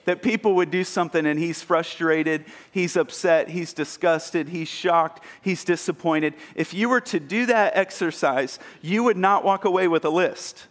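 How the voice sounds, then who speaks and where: A man preaching a sermon in a casual, self-mocking way, acting out scenes with animated exclamations. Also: on the high side, moderate pace, few pauses. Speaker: pastor.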